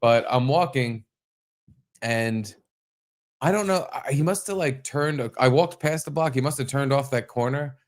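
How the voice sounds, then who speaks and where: A man co-hosting a casual podcast, telling stories in an animated way, swearing freely and acting out his own startled yelps. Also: mid-range voice, measured pace. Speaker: podcast co-host. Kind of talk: casual chat.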